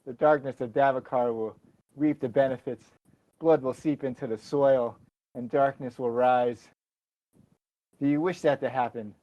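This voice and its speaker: A man's voice: medium pitch, steady tone, moderate pace, long pauses, muffled recording, natural voice. A man voicing a grave male elf emissary who pleads with solemn urgency. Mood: urgent pleading.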